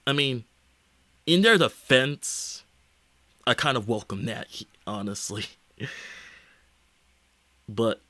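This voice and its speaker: A young man streaming, talking casually in a rambling, halting way full of fillers and restarts. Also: on the low side, fairly bright tone, no echo. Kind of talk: casual livestream chat.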